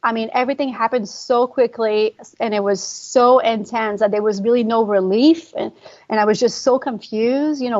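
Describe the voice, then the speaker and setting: Woman podcast guest, fairly high voice, emotional storyteller full of fillers; slightly muffled lo-fi audio. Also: normal speed, a little mellow. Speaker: guest, pre and postnatal fitness coach. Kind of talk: conversational podcast interview.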